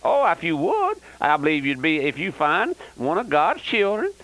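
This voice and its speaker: A man's voice: a little high, huge pitch swings, normal speed, a bit bright, poor audio. An older man preaching a fiery, emphatic radio sermon and repeating "that's right.". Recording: old radio broadcast.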